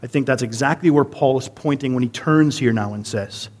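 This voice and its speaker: A man preaching a conversational sermon, lively, with rhetorical questions and casual asides. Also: mid-range voice, fairly quick.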